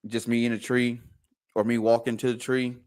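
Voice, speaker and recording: A man's voice: medium pitch, flat delivery, normal speed, a little mellow. Joking man, mid voice. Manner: laughing, joking asides. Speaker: podcast co-host. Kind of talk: casual chat.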